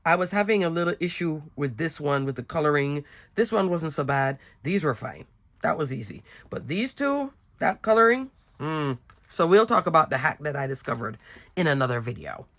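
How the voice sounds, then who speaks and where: A woman with a raspy, slightly sick voice, casually showing her handmade cards with goofy giggles. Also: sits low, lively intonation, normal speed, a bit bright. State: a little sick, hoarse. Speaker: card-making crafter. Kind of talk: casual craft tutorial chat.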